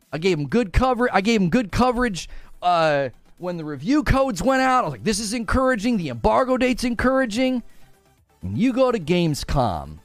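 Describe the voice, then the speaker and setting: Man, gaming streamer, high voice, dry close sound, exasperated, repeats himself. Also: dry recording. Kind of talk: live stream rant.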